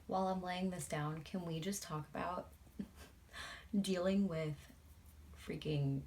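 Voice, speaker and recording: A young adult woman, a beauty vlogger, chatting casually and swearing freely while doing her makeup. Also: low voice.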